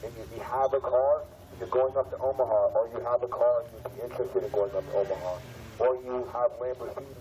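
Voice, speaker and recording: A man's voice: medium pitch, steady tone, quick pace, warm tone, low-quality recording. A man organizing a protest, addressing a crowd in a rambling way with lots of fillers.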